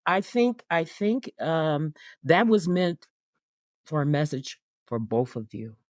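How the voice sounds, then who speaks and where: Expressive low-voiced woman host. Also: takes it slowly, no room sound, clean studio sound. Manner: reflective, encouraging. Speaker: podcast host. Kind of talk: faith podcast interview.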